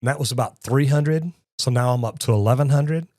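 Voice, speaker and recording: A man's voice: mid-range voice, fairly quick, darkish tone, no echo, clean studio sound. A middle-aged man with a Texan accent, a plumbing educator telling stories and giving blunt, emphatic advice straight to camera. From Texas. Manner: blunt, emphatic, folksy storytelling. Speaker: plumbing educator, channel host. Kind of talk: direct-to-camera commentary with anecdotes.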